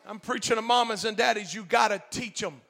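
A man preaching a Pentecostal sermon as pastor, talking in a folksy, colloquial way and swinging from quiet asides to loud shouted preaching. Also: high-pitched, fairly quick, gravelly, faint music behind. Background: faint congregation.

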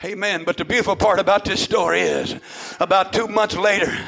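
An older male preacher with a very high, gravelly voice, testifying in a sermon. His tone is bright and sharp. He scatters amens through his words and climbs into shouts. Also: fairly even intonation, a little fast. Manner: fervent, peppered with amens, rising to shouts.

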